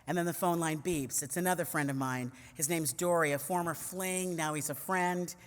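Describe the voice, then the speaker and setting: In a vast conference hall with long, lingering reverb, a fiftyish New Yorker who works as a commentator and conference speaker tells a humorous personal story. She's conversational and witty, tossing playful asides to listeners, in a low voice with fairly even intonation at normal speed.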